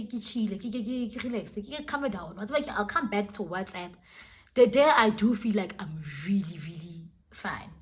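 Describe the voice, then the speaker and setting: A woman's voice: medium pitch, a little hiss or hum. A young woman telling a dramatic storytime vlog, switching languages as she goes. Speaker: vlogger. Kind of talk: storytime vlog, casual chat.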